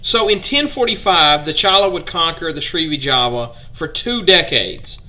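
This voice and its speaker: A man's voice: fairly high pitch, lively intonation, measured pace, pushed and bright. A man from Alabama with a Southern accent, hosting a casual live history stream, chatting with viewers, putting questions to them and stumbling over foreign names.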